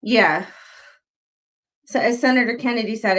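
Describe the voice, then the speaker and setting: A sarcastic woman gives a blunt, casual commentary on a legal filing, cursing freely as she reacts. Her voice sits at a middle pitch for a woman. Her pitch leaps upward whenever she is exasperated. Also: a little slow, fairly bright tone. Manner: big jumps in pitch when exasperated. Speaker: commentary channel host.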